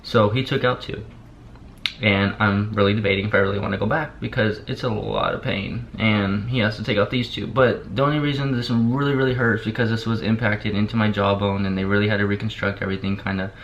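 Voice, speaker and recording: Young guy vlogging, low voice, groggy and talking with his mouth barely open, rambly, dull lo-fi audio w faint hiss. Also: steady tone, fairly quick, fairly bright tone. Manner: rambling, repeats himself, lots of "like". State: drowsy on pain medicine, barely opening mouth. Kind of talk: casual chat to camera.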